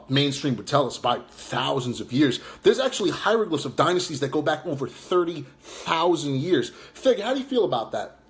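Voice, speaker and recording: A man with a New York accent from Long Island, ranting in casual live chat, taunting and mocking a viewer with lots of fillers. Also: medium pitch. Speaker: live stream host.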